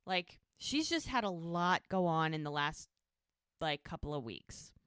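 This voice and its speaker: Woman recapping a show, lowish voice. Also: unhurried, clear, resonant tone, no echo, studio quality. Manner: animated retelling of scenes. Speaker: podcast co-host. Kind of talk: casual episode recap chat.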